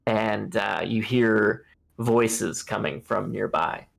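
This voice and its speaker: Man running a tabletop game, slow, gravelly, halting with lots of fillers. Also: fairly low pitch. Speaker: game master. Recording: live stream mic.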